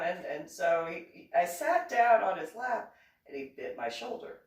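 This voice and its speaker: A woman, a reverend, casually telling stories in a chatty, animated way and giggling often. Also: fairly low pitch, normal speed. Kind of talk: casual storytelling. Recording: echoey room, distant from mic.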